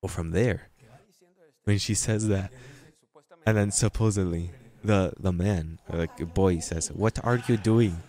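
Lively, laughing preacher man, lowish voice. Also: unhurried. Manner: lively, laughing anecdotes with frequent restarts. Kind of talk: storytelling sermon.

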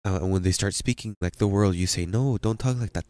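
A man's voice: fairly low pitch, fast talker, hardly any pauses, a little mellow, dry recording. A man preaching a sermon as pastor, emphatic and questioning his congregation.

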